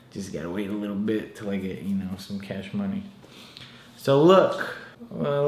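A young man vlogging about fitness, deadpan and self-mocking with casual swearing, sounding drained and lightheaded from dieting. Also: on the low side. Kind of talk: casual vlog talk. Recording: echoey room.

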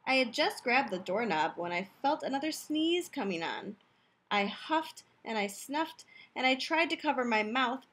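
A woman reads a picture book aloud in a youth room, telling it in first person as the wolf. Her delivery is playful and expressive, her voice somewhat high and a little husky, with pitch that rises and falls a great deal. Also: moderate pace. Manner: playful, expressive storybook reading. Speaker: storyteller.

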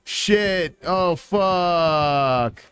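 A man's voice: sits high, drawn-out words. A man giving live, profane commentary while playing a video game, yelping, cursing and laughing at what happens on screen. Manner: excitable, swears often, yelps and laughs at the game. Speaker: livestreaming gamer.

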